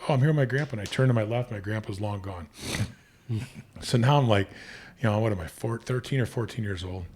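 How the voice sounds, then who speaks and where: A man's voice: on the low side, brisk, a little mellow, breathy edge. Fifty-something guy rambling through old stories on a podcast, lots of um and you know. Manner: rambling, with many restarts and fillers. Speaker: podcast guest. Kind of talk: casual storytelling.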